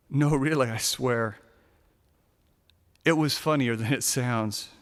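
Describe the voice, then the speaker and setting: A man narrating a first-person short story in a sardonic, darkly comic way, now and then shouting a punchline. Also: mid-range voice, clean tone, long reverb tail.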